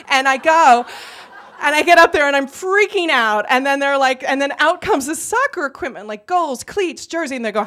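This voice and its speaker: A woman telling a comic true story live on stage, animated and acting out the people she quotes. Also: high voice, a little fast. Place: theater stage before an audience.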